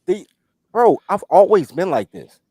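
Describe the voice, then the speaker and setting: A man telling a story on a podcast in casual chat, animated and profane, loudly quoting himself. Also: high voice, measured pace, husky, dry recording. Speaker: podcast host.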